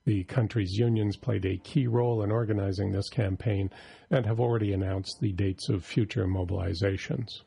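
A man reading a scripted labor news report in a steady delivery. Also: lowish voice, moderate pace, vocal fry, slightly rough, no echo.

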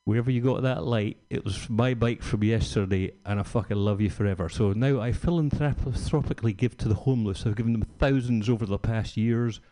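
A man's voice: on the low side, brisk, hardly any pauses, mellow. A man doing a stand-up set, telling a rambling, profane anecdote and acting out the quotes. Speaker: stand-up comedian.

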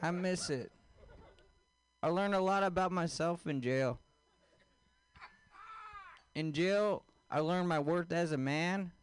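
A man doing a stand-up comedy set, deadpan and crude, often quizzing the crowd. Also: on the high side, takes it slowly, long pauses, a little hiss or hum. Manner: deadpan, crowd-work questions, crude jokes.

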